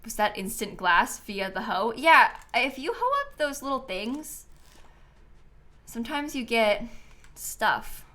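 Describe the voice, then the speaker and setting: A woman with a bright, slightly high voice streams a game live. She chats loosely with her viewers and thinks out loud. Her pitch swings widely, and she often breaks into excited squeals and laughs. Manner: chatty, answers chat and thinks aloud. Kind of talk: casual live-stream chat while playing.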